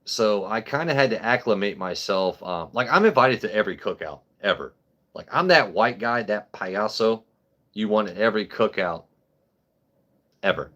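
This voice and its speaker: A man's voice: on the low side, normal speed, dull audio. A man hosting a live stream, telling a story casually with lots of swearing and rambling restarts. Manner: rambling, profane, animated. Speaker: host.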